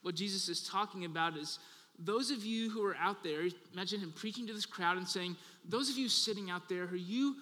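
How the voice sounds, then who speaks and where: Male pastor mid-sermon, high and bright, earnest delivery that softens at the end of each point, big hall reverb. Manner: earnest, repeats phrases, trails off softly at ends of points; talks with children in the audience.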